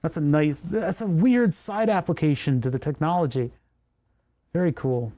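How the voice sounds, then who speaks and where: Dude rambling on his stream while fixing stuff, kinda high voice, keeps roasting himself. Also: normal speed, warm tone. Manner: rambling, self-mocking, thinking aloud. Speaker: livestream host. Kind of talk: casual livestream chat while repairing electronics.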